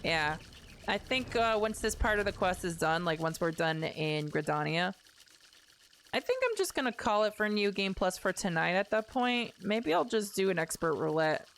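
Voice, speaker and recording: A woman's voice: medium pitch, lively intonation, normal speed, a bit bright. A woman streaming a game, chatting casually, joking and reading the game's lines aloud. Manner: playful, reads game dialogue aloud and jokes; swears casually and laughs often. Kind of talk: casual live gameplay commentary.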